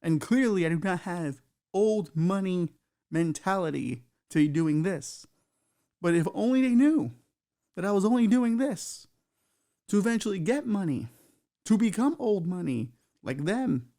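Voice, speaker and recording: Gravelly-voiced man riffing on a podcast. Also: sits high, expressive, measured pace, mellow. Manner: loose, profane, riffing with asides. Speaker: podcast host. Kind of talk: comedic monologue.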